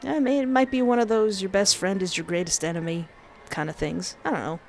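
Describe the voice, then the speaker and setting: A woman's voice: medium pitch, a little fast, vocal fry, soft background music. A woman commenting on a game as she plays, musing aloud in a hesitant way. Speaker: game player. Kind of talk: playthrough commentary.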